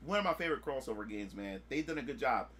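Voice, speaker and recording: Bright-voiced, excitable male streamer. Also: mid-range voice, quick pace. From United States. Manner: excitable, swears freely, acts out his own past reactions. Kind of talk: casual chat on a live stream.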